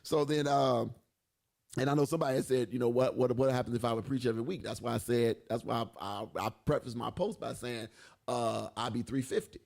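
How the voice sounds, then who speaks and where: A man with a gravelly edge in a mid-range voice hosts a faith radio program. He chats loosely with listeners, then reads scripture aloud and breaks in with exclamations. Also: mid-range voice, a little fast, a little mellow. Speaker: radio show host and preacher. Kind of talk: casual radio chat and scripture reading.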